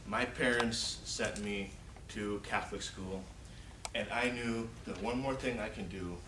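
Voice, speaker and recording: A man in his forties giving a humorous storytelling speech at a contest, acting out the scenes as he goes. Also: medium pitch. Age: 40s. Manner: animated, acts out scenes and shouted pleas. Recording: echoey hall, distant mic, noisy.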